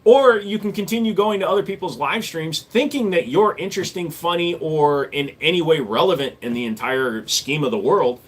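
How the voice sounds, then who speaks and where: Man, forties, born in korea, live stream host, sarcastic, reads chat aloud, slightly high voice. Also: moderate pace, hardly any pauses. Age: 40s. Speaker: livestream host.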